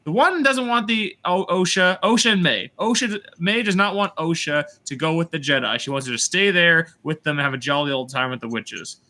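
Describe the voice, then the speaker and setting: A man hosting a casual review chat, retelling scenes in an animated, sarcastic way with swearing. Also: fairly high pitch, brisk, hardly any pauses. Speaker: host reviewing a TV series.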